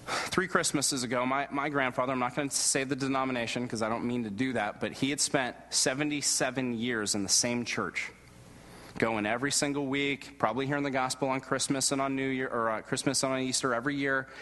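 Earnest preacher in a reverberant hall. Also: male voice, fairly even intonation, a little fast. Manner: earnest, storytelling, drops low and soft at emotional moments. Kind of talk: sermon with personal story. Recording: long reverb of a large hall.

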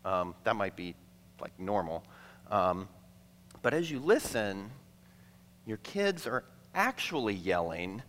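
A man preaching a sermon to a congregation, conversational and playful, acting out quick asides between the teaching. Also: fairly low pitch, big pitch swings, fairly bright tone, slight background noise. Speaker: pastor. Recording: long hall reverb.

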